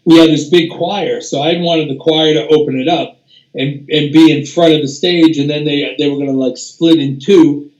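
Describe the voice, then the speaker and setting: Rambling older man with a slightly high voice. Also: fairly even intonation, normal speed, darkish tone, muffled recording. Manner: rambling, with many restarts, fillers and swearing. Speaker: music producer, interview guest. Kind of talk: casual anecdotal storytelling. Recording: roomy echo.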